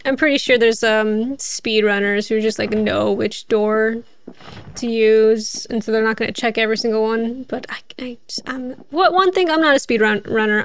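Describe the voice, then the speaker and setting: A woman's voice: a little high, a little hiss or hum. A woman streaming a game, chatting casually as she plays, thinking aloud and laughing often. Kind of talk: casual gameplay commentary.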